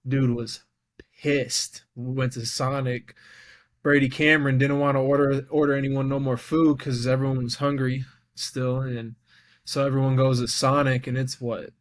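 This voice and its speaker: A young man co-hosting a podcast, telling a story in casual chat and acting out the quotes with lively jumps in his voice. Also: medium pitch, normal speed. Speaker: podcast co-host.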